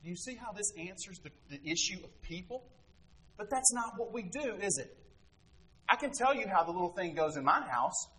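A man's voice: high-pitched, expressive, moderate pace, fairly bright tone, low-quality recording. A man giving a conversational sermon as a pastor, often asking rhetorical questions.

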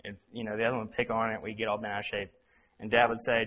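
A young man delivers a sermon earnestly, his voice bright and forward. He stumbles over words now and then and fills gaps with ums. The recording sounds slightly dull and lo-fi. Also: fairly low pitch, flat delivery, very fast. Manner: earnest, with frequent ums and restarts. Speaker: lay preacher.

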